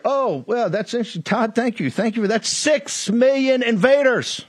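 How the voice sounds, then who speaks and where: A man's voice: very high-pitched, animated, moderate pace, few pauses, dry recording. A middle-aged man hosting a political talk show, delivering a fiery, ranting monologue full of repeated accusations. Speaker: host.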